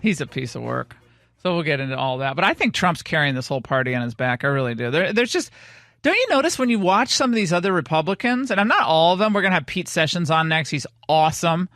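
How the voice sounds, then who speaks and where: Brisk opinionated woman radio host. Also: deep voice, very animated, a bit bright, dry recording, studio quality. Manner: chatty, emphatic, frequent restarts and asides. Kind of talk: opinionated casual talk radio monologue.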